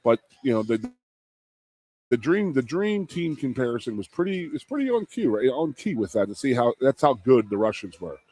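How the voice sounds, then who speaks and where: Animated man telling sports stories. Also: mid-range voice, normal speed, husky. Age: 50s. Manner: animated, rambling storyteller. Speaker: radio co-host, former college football player. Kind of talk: casual sports radio chat. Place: live broadcast from a restaurant.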